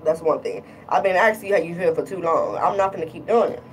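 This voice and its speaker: A woman's voice: lowish voice, quick pace, recorded from a distance, a little hiss or hum, poor audio. A woman talking casually in a vlog, irritated and rambling, often repeating herself. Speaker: vlogger.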